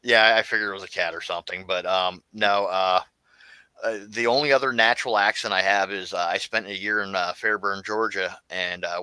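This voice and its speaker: A man's voice: on the low side, fairly even intonation, brisk, bright, forceful tone, clear, resonant tone, no room sound, poor audio. A man from Florida chatting casually as a guest, rambling with many fillers and restarts. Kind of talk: casual livestream chat.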